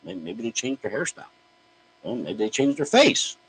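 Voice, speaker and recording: A man's voice: mid-range voice, big pitch swings, normal speed, breathy edge, low-quality recording. A man hosting a podcast, ranting in a blunt, profane, mocking way. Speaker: podcast host. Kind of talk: opinionated podcast rant.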